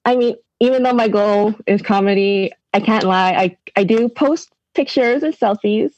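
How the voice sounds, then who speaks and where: A woman's voice: mid-range voice, normal speed, darkish tone, dry recording, highs cut off. A young woman from Canada with a Canadian accent, a podcast guest who chats casually and keeps breaking into giggles. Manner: giggly, laughs through her answers.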